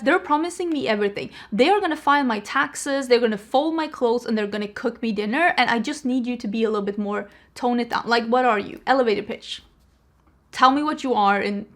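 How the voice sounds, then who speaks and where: Female beauty vlogger, somewhat high voice, chatty and animated to camera. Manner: chatty, animated, jokey rants. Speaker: beauty channel host. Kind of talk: casual talk to camera.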